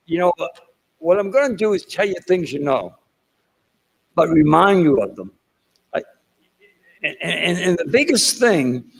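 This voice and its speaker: An older keynote speaker with a Boston accent and a gravelly, somewhat husky, fairly high voice gives a rambling motivational talk in a conference hall. He wanders through stories full of asides and self-deprecating jokes, and the recording quality is poor.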